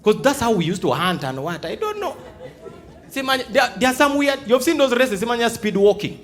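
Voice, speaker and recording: A man's voice: very high voice, a little fast, a crowd in the background. A man from Uganda with a Ugandan English accent, performing live stand-up comedy in a theatre and acting out dialogues. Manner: animated, acts out dialogues in shifting voices. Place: large theatre stage before a live audience.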